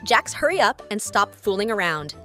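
A man voicing a cheerful young woman who scolds in a quick, chiding way. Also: sits high, very animated, bright, forceful tone, faint music behind, heavily acted. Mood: impatient.

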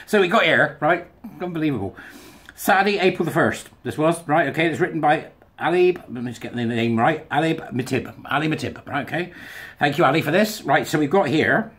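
A man sits at his mic and reads a newspaper piece aloud, then stops to tear into it. His delivery is animated and sarcastic, blunt and opinionated. His voice sits at an ordinary middle pitch. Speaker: host of a commentary channel. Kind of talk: reading and commenting on a news article.

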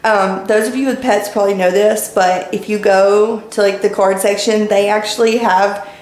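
A woman's voice: medium pitch, fairly even intonation, normal speed, darkish tone. Chatty woman vlogging in an echoey room. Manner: chatty, rambling, full of ums and likes. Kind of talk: casual daily vlog chat. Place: indoors at home, walking between rooms. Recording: echoey room, faint background noise.

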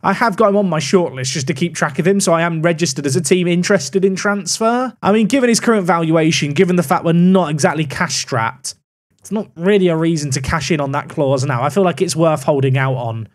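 A young man casually commenting on a management game as he plays, thinking aloud with wry asides. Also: brisk. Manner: musing aloud, wry asides, animated pitch swings. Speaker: gaming YouTuber.

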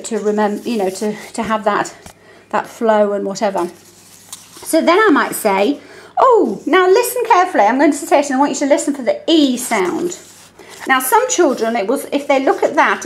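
An Australian woman tutor explaining how to teach spelling, reading rhymes aloud slowly and deliberately. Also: on the high side, a little mellow. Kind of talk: teaching demonstration.

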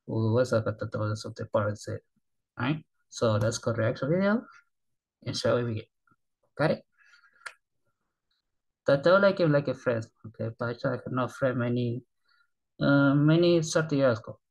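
Halting man in his thirties. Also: medium pitch, poor audio. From Japan. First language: Japanese. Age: 30s. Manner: halting broken English, often trailing off softly. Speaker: reaction video host. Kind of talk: rambling casual monologue.

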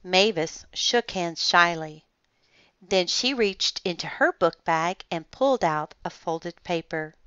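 A woman reading a children's mystery book aloud in a calm, measured way. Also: fairly low pitch, clean tone, no room sound. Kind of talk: read-aloud storytelling. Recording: slightly muffled dry recording.

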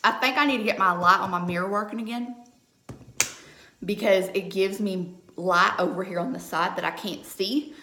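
A young woman with a sharp-toned, mid-range voice chats at normal speed through a live makeup tutorial at home under a ring light. She checks in with her viewers after nearly every step, often asking "okay?", and the room sounds echoey.

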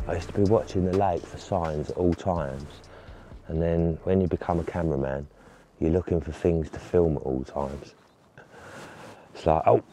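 A man's voice: low voice, warm tone, slight background noise. A man with a laid-back, murmured way of talking, chatting casually to camera while filming a trip outdoors by a lake. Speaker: vlogger filming a fishing trip.

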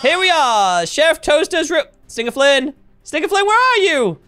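High, excitable woman game host. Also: normal speed. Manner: excitable, shouty. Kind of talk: Minecraft role-play video.

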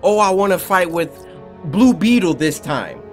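A man giving excited gameplay commentary, loud and trash-talking, shouting at the screen. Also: high voice, a little slow, faint music behind. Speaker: gaming YouTuber.

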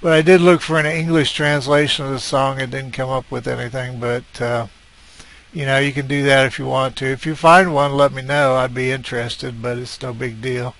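A man's voice: medium pitch, steady tone, moderate pace, a bit bright. A man giving casual, rambling commentary on a game he is playing at his computer, hesitating often with "uh" fillers. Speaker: let's play gamer.

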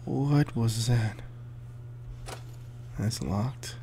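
A man commenting on his horror game play, yelling and screaming at scares and dropping to whispers in tense moments. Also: mid-range voice, drawn-out words, a little hiss or hum. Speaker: gameplay commentator.

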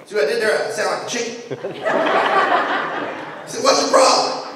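A male pastor preaching in a joking, conversational way, his voice sitting high for a man. He is heard from well back in a big hall, the long reverb washing around every line. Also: steady tone, moderate pace, very noisy. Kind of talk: sermon. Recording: echoey hall, mic far off.

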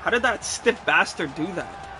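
A man's voice: high-pitched, animated, moderate pace, very noisy. A young man giving frustrated gameplay commentary, swearing, ranting and mocking himself sarcastically. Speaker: gaming YouTuber.

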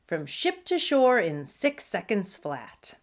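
A woman voicing a gruff female pug pirate with a gold tooth, speaking in salty, taunting pirate talk. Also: mid-range voice, huge pitch swings, slow.

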